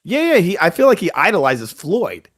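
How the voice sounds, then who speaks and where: Lively, profane man in podcast banter. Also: high-pitched, normal speed, no echo, studio quality. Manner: profane, lively, laughing asides. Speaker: podcast co-host. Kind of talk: casual boxing podcast banter.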